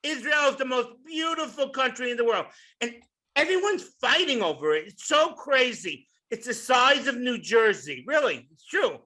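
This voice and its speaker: A man in his sixties performs a stand-up comedy set in a club, delivering loudly and punchily, swearing and shouting his punchlines. His voice is very high-pitched and very animated, at a moderate pace.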